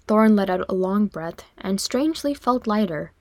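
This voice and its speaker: A woman reading fiction aloud as an audiobook narrator, in an expressive storytelling manner. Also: medium pitch, normal speed, few pauses, no echo. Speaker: audiobook reader.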